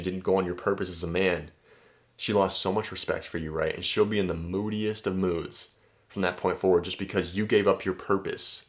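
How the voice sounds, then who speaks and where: A man's voice: low-pitched, steady tone, fairly quick. A man coaching on dating in a casual vlog monologue, blunt and profane, tagging his points with "right?".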